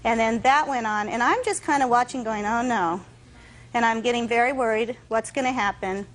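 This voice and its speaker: A young woman, a touch high in pitch, gives courtroom testimony as a defendant. She recounts a heated incident earnestly, slipping into the voices of the people she quotes. She speaks from the stand in a courtroom set. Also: normal speed, rough recording. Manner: earnest, tells events with quoted dialogue.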